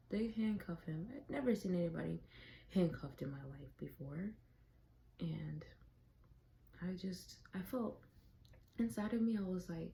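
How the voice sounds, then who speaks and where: A young woman recounts a personal story in a loose, candid vlog style. Her voice sits a little low and sounds soft and mellow. She swears freely and now and then drops into a whisper, over a faint background hum. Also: a little slow, vocal fry, poor audio. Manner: candid, profane, animated storytelling with whispered asides. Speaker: vlogger. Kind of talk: casual storytelling.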